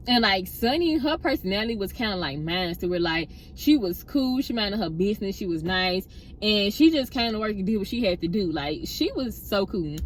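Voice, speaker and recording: A woman's voice: medium pitch, a little hiss or hum. Chatty young woman telling a story. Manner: chatty, keeps addressing listeners as y'all; animated retelling with acted-out quotes. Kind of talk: casual storytime.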